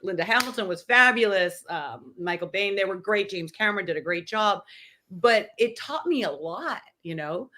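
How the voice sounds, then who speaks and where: A woman in her sixties, a podcast guest, telling an animated story and acting out the dialogue. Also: medium pitch, moderate pace. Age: 60s. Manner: animated, acts out quoted dialogue. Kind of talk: anecdotal storytelling in conversation.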